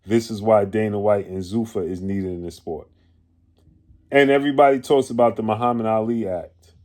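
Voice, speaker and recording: A man's voice: lowish voice, darkish tone. A man giving opinion commentary on boxing, indignant and firing off rhetorical questions, sometimes stopping to correct himself or search for a word. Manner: pauses to correct himself and grope for words.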